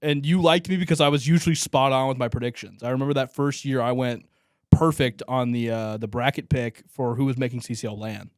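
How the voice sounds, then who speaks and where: A man's voice: mid-range voice, a little fast, no room sound, studio quality. Joking young man co-hosting a podcast. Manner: relaxed, joking storytelling. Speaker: podcast co-host. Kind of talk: casual chat. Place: small room, podcast setup.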